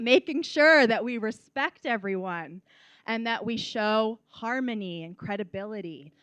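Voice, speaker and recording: A woman's voice: mid-range voice, fairly bright tone, no echo. A woman presenting a public speaking workshop as a teacher, stressing key words and often checking in with the audience. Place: workshop room.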